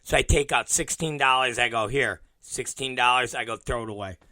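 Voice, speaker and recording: A man's voice: mid-range voice, a little fast, pushed and bright, no room sound. A middle-aged man hosting a podcast, telling a long profane family story and acting out every quote. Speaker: podcast host. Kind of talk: storytelling monologue.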